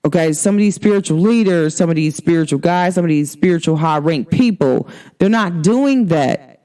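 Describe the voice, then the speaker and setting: A woman hosting a spiritual talk show, speaking in a sassy, emphatic way and full of slang. Her pitch swoops up and down as she drives her points home. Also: expressive, normal speed, warm tone. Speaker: astrology show host. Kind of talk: casual spiritual talk to viewers.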